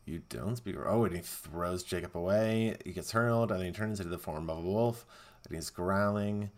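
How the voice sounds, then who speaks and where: A man hosting a podcast, giving excitable, sarcastic running commentary while watching a movie. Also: low-pitched, normal speed. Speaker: podcast host.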